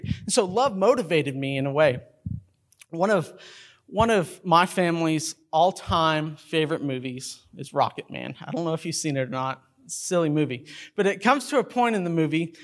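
Inside a church sanctuary, a middle-aged male pastor delivers a sermon, weaving in stories for his congregation. He brings characters to life along the way, doing movie characters in a high voice.

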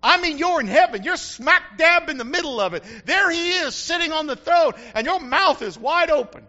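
Man, pastor, very high voice, emphatic folksy sermon, dull lo-fi sound. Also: lively intonation, moderate pace, bright, forceful tone. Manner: emphatic, folksy preaching with repeated refrains. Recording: muffled lo-fi recording.

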